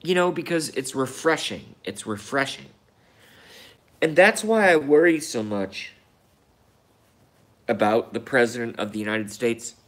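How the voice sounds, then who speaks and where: A man's voice: medium pitch, lively intonation, measured pace, long pauses, fairly bright tone. A man hosting a live stream, ranting heatedly about politics, swearing often and repeating his points, while reading out and answering viewer comments. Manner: heated, profane, repeats himself.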